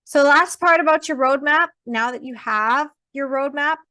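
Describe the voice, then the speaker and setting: A woman's voice: high-pitched, moderate pace, bright, forceful tone, no room sound, clean studio sound. A woman in her thirties teaching an online birth-planning class, talking in an emphatic, conversational way. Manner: emphatic, conversational, acts out quoted people. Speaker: birth educator.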